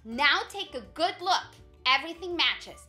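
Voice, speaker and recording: A woman teaching a lesson in a high voice that swings a lot, slowing down to model words for learners. Her tone is encouraging and patient. Light music plays faintly underneath. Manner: lively, encouraging, models pronunciation slowly. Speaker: Spanish teacher.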